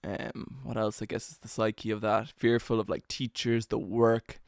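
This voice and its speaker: A man's voice: lowish voice, level tone, normal speed, dry recording, clean studio sound. A young man hosting a solo podcast, telling a story in a rambling, self-mocking way with lots of slang and fillers. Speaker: podcast host.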